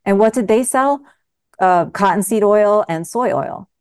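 A woman's voice: medium pitch, measured pace, a little mellow, clean tone. A middle-aged woman physician speaking as a guest in a casual interview, emphatic and passionate, often restarting her sentences.

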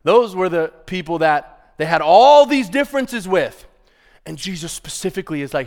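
A man's voice: sits high, expressive, normal speed, darkish tone. A man preaching a sermon as pastor, passionate and conversational, with casual asides to the congregation. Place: church sanctuary. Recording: long reverb of a large hall.

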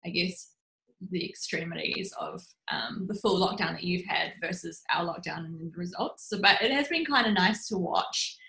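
A New woman chats as a podcast guest, open and talkative. Her voice sits a bit low but bright and edgy, with a gravelly fry, and it rings in an echoey room. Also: moderate pace. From New Zealand. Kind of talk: casual interview chat.

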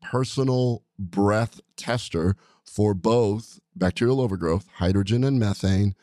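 Low-voiced enthusiastic male podcast host. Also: measured pace, darkish tone, no echo, clean studio sound. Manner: enthusiastic, rambling, frequent restarts. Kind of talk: casual podcast chat. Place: podcast studio.

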